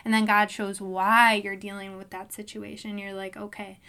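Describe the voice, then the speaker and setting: Bright-voiced young woman telling faith stories. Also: moderate pace, clean tone, poor audio. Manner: animated storytelling, acts out her own reactions in a high sweet voice. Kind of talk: casual faith chat.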